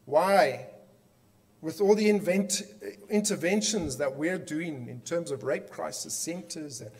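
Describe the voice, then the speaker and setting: A man with a South African accent giving an impassioned conference speech, emphatic, with rhetorical questions and dramatic pauses. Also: a little high, darkish tone. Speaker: conference speaker.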